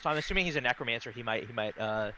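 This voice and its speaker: A man's voice: mid-range voice, lively intonation, racing, pushed and bright, slight background noise, low-quality recording. A man playing a tabletop game, talking in a casual, rambling way. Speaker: player.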